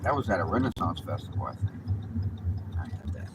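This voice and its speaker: A man's voice: low-pitched, sing-song, a little fast. A man chatting casually and profanely while he drives, rambling and joking. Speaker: livestream host. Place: in a car, then a park. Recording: distant mic with loud road noise.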